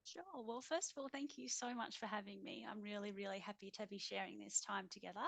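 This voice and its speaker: A woman's voice: medium pitch, steady tone, a little fast, gravelly, no room sound. An Australian woman, a guest on a remote video call, telling her personal story in a reflective, earnest way and laughing easily. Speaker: interview guest.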